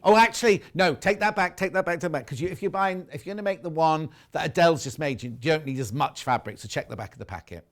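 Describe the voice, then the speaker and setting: A man's voice: a little high, fast, hardly any pauses. A man from the north-west of England hosting live sewing sales on a TV shopping channel, chatty and jokey. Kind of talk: live TV selling and chat. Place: TV studio.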